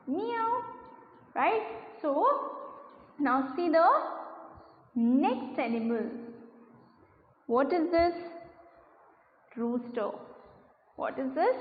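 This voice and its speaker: A high, lively woman's voice with an Indian English accent, teaching small children in a sing-song, coaxing way and imitating animal sounds. She speaks very slowly. The audio is thin and phone-like, with a roomy echo. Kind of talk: online lesson for young children. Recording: phone-quality audio in an echoey room.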